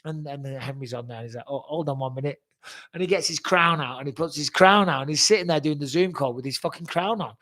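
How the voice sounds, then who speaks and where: A man's voice: on the high side, fast talker, few pauses, pushed and bright. A man in his forties, answering fan questions in a blunt, rambling way and swearing freely. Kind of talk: casual fan Q&A.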